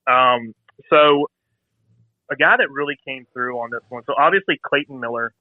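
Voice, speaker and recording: A man in his 30s, a bike builder, guests on a casual storytelling interview, his medium-pitched voice moving at a moderate pace. The sound is dry and tinny, like a phone line. He's chatty and animated, acting out phone calls in quoted voices.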